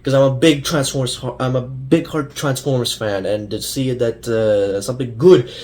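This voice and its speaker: A man's voice: mid-range voice, steady tone, moderate pace, darkish tone. A young man ranting casually to camera as a fan vlogger, rambling with many fillers and restarts.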